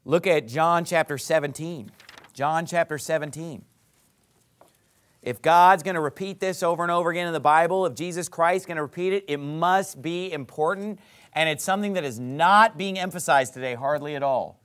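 A man, a pastor, preaching a sermon and reading scripture aloud. He talks emphatically, repeats his points, and builds to loud peaks. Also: on the high side, normal speed. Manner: reads scripture aloud in King James wording.

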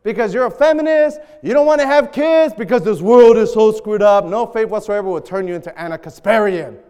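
A man preaching a sermon, bantering loudly with the congregation in call and response. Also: high-pitched, fairly quick, clean tone. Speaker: pastor. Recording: long hall reverb.

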